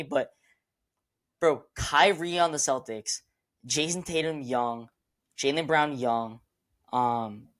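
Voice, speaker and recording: A man's voice: fairly high pitch, a bit bright. A man co-hosting a casual sports podcast, emotional and rambling, often repeating himself. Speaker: podcast co-host.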